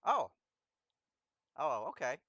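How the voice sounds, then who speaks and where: Male game streamer, mid-pitched, laid-back and rambling, talks straight to his chat. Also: very animated, takes it slowly, a bit bright, no echo, muffled recording. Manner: rambling, stumbles over names and laughs at himself. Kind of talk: casual live-stream gameplay chat.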